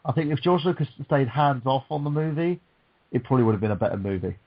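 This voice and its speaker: A man's voice: mid-range voice, expressive, fast, lo-fi sound. A man hosting a casual movie podcast, rambling with many restarts. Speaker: podcast host. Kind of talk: casual chat.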